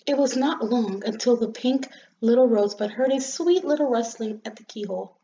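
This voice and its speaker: A woman reading a children's story aloud in an expressive, gentle storytelling manner. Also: a little high, brisk. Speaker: storybook reader. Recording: slightly dull lo-fi recording.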